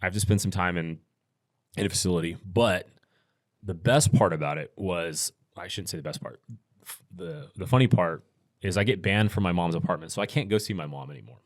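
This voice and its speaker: A man's voice: sits low, animated, a little fast, no echo, studio quality. A middle-aged man telling a long story in a laid-back, rambling way, full of fillers and restarts. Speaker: podcast guest, firearms instructor. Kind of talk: casual storytelling.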